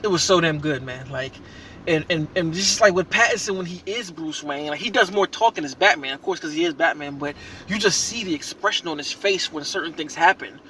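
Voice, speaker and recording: A man giving an excited, rambling reaction review of a movie he just saw, full of slang and restarts. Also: on the high side, a little fast, a little hiss or hum.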